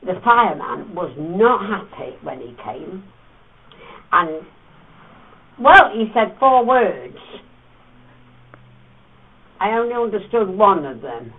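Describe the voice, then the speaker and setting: A cave tour guide speaks in a high, breathy voice at a slow pace with long pauses, playfully teasing the group and acting out stories in animated voices. It's recorded from a distance with a thin, phone-like quality.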